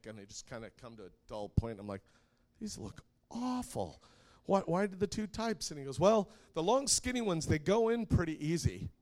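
A man in his thirties preaching, telling family stories with lots of laughter and getting loud when he acts out scenes. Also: medium pitch. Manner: animated storyteller who laughs often and gets loud when acting out scenes. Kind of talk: sermon with personal stories.

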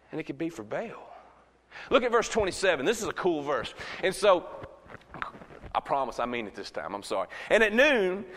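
A man preaching a sermon. His voice sits fairly high and leaps around, swinging from shouted lines to near whispers. It rings with the long reverb of a church sanctuary. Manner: animated preaching, swinging from loud shouts to hushed asides. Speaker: pastor.

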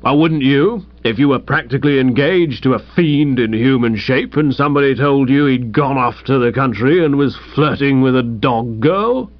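A man voicing a hearty, brusque older woman with a loud ringing voice. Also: mid-range voice, moderate pace, few pauses, no echo, muffled recording, close to an everyday voice.

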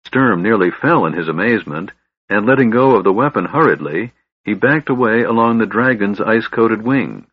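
A man reading fantasy narration in a steady, measured storytelling voice. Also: on the low side, slightly rough, no room sound, phone-quality sound. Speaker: audiobook narrator.

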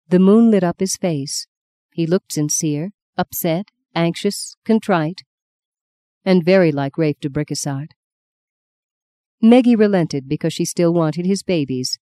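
A woman reading a novel aloud as an audiobook narrator, in a lyrical, measured storytelling manner. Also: fairly low pitch, mellow, no room sound, studio quality. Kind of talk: scripted narration.

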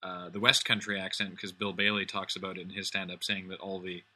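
Guy cohosting a podcast, lowish voice, really bright and forceful, jokey. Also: little pitch movement, a little fast. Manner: jokey, slips into comic accents. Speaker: podcast co-host. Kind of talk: casual chat.

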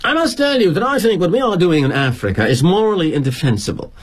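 A man's voice: high voice, very animated, fast talker, slightly rough, voice pushed up, heavily acted. A man voicing an indignant young British employee with a British accent, sputtering and heated.

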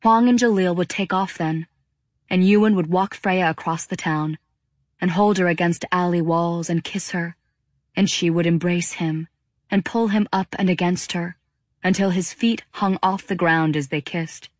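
A woman narrating an audiobook with a steady, even reading. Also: fairly low pitch, moderate pace, dry recording, clean studio sound. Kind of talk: scripted narration.

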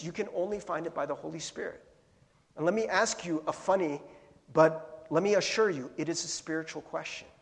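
A man with a high voice preaches a casual, conversational sermon from a church sanctuary. He keeps asking his listeners questions and slips into animated impressions of the people he quotes. His words trail off into the long echo of a large hall. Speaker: pastor.

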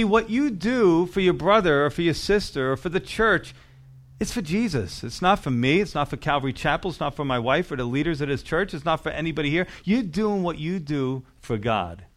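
A man preaching a sermon in a church as pastor, with emphatic rising and falling delivery. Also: fairly high pitch.

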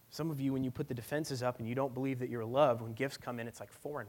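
A male pastor preaching a sermon at a church service, swinging from loud, emphatic lines to hushed, near-whispered ones. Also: medium pitch, fairly even intonation, fast talker, few pauses.

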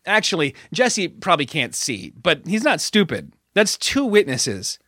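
Man putting on a sarcastic teenage girl, raised and bright. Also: fairly high pitch, wildly swooping pitch, a little slow, no room sound, clean studio sound, pitched above the performer's own voice, heavily acted. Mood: taunting. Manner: mocking, taunting.

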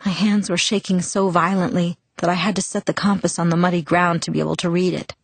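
A woman reading a first-person novel aloud in calm, even audiobook narration. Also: on the low side, brisk, creaky, no echo.

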